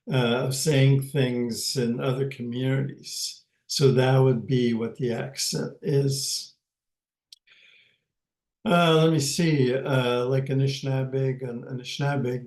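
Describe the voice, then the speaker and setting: A man with a northern Ojibwe accent teaching a casual language class, halting often with fillers and soft chuckles. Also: medium pitch. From northern Ojibwe community in Canada. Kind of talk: informal online language class. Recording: roomy, echoey room.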